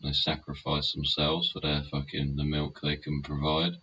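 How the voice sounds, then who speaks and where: Male host, very low, sharp-edged voice, rambling sweary tag-question delivery; dull recording with faint hiss. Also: monotone, moderate pace. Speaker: host of a live solo show. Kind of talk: rambling live chat. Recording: muffled lo-fi sound, faint hiss.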